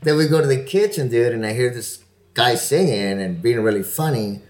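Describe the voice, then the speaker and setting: A man's voice: medium pitch, lively intonation, normal speed, noisy background. A man telling loose stories over a video call, swearing often and laughing through them. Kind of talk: casual storytelling chat.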